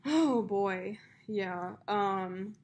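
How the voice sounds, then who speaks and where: A young woman co-hosting a casual podcast, spinning long stories full of "like" and "um". Her voice sits at a middle pitch and she talks in a loose, conversational way. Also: drawn-out words, a little mellow. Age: young adult. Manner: chatty storyteller, many fillers and likes. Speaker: podcast co-host. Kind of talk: casual chat.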